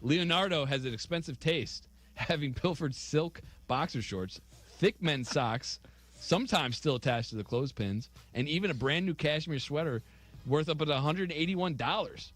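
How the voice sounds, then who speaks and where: A man's voice: a little high, lively intonation, normal speed, fairly bright tone. A man co-hosting a radio show, reading offbeat news stories aloud and chuckling at them.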